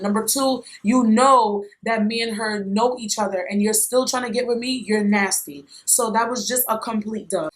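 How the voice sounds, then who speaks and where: A woman vlogger telling a personal story in a blunt, animated, slangy way, with some swearing. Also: fairly high pitch, low-quality recording. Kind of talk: casual storytime.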